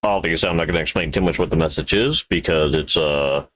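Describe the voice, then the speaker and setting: A man with a notably deep voice narrates his own work in loose, casual stream talk. He wanders off into playful self-talk and small word jokes between steps. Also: fast, fairly bright tone. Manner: rambling, playful self-talk with wordplay asides. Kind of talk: casual live-stream talk while 3D modeling.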